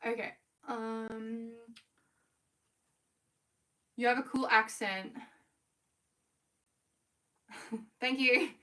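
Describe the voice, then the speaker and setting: A young woman with an Australian accent chatting casually to viewers on a livestream while she works, talking quickly and correcting herself as she goes. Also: a little high, fairly even intonation, a bit bright. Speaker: small business owner livestreaming. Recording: voice a bit far from the mic.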